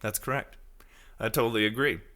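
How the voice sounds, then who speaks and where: His tone is steady and sharp, his pace fairly quick. He's in his thirties, running a loose, rambling solo podcast where he reacts to chat and now and then mimics people in silly high voices.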